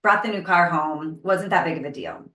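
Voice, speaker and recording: A woman co-hosting a podcast, telling a long personal story in casual chat and acting out her own panic in sudden high bursts. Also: moderate pace, bright, forceful tone, reverberant. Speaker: podcast co-host.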